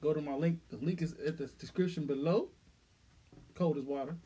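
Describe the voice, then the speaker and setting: A man co-hosting a casual podcast, speaking, telling stories with loud laughs and acted-out quotes. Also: a little high, brisk, husky. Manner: excitable storyteller, loud laughs, acts out quotes. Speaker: podcast co-host. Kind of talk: casual chat.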